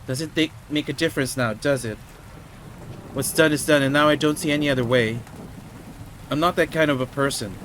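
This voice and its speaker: A man's voice: a little high, a little fast, pauses often, a bit bright, a little hiss or hum, close to an everyday voice, low-quality recording. A man voicing a distraught sixteen-year-old boy who shot someone, reading his lines aloud in a pleading, breaking tone. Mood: despairing. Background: game music and rain.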